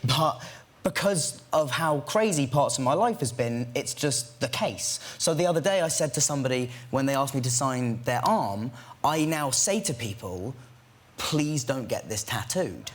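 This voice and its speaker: A man's voice: mid-range voice, expressive, normal speed, hardly any pauses. A young man on a chat show talking loosely about his work, filling his talk with "like". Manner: loose and casual, full of "like". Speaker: actor guest.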